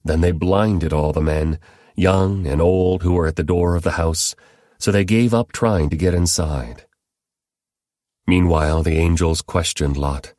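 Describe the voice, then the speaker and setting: A man giving a steady, measured scripted reading of scripture as narrator. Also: sits low, no echo, clean studio sound. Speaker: Bible reader.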